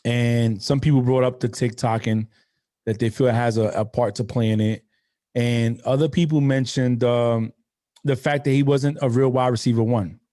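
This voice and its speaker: A man's voice: medium pitch, fairly even intonation, normal speed, dark tone. A man co-hosting a casual sports chat, telling rambling stories in a loose, chatty way. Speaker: podcast co-host.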